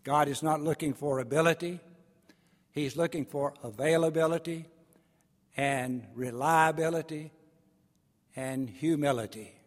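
A man preaching a sermon in a folksy, storytelling way, acting out voices as he goes. His voice sits a little high, and a long reverb trails after each phrase in a large hall. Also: measured pace, long pauses.

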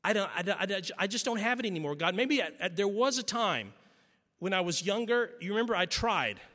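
A man voicing a weary old male prophet who stammers and pleads in halting, self-doubting bursts. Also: sits high, expressive, pushed and bright, voice pushed up. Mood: pleading. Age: older. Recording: long reverb in a large hall.

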